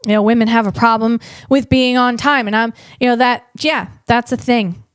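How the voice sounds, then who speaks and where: A woman with a high voice rambles through a comic podcast monologue, restarting her sentences as she goes. The sound is dry and close, with no room around it. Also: normal speed, clear, resonant tone, dry recording. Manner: rambling, animated, with frequent restarts. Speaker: comedian podcast host. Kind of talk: comedic monologue.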